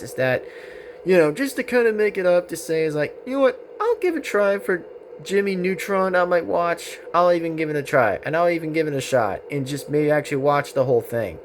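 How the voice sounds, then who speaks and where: An earnest young man talks straight to his audience in a loose, rambling vlog, circling back over the same points. His voice sits a little high. A faint hiss runs under the recording. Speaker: vlogger. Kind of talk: casual tribute monologue.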